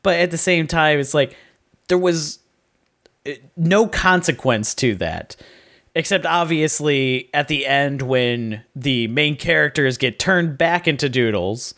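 A man's voice: medium pitch, a bit bright. Wry man picking apart a movie. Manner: wry, dry sarcasm, quick asides. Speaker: podcast co-host. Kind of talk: casual movie review chat.

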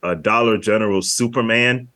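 A man's voice: on the low side, brisk, sharp tone. A man casually chatting as a podcast co-host, rambling and often repeating his words. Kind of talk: casual movie review chat.

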